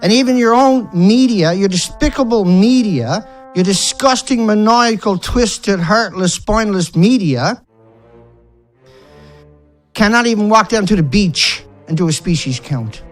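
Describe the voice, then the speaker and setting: Faint music sits behind an outraged environmental activist vlogger whose angry monologue is packed with rhetorical questions, insults and some swearing. He has a high-pitched, animated voice and keeps a measured pace.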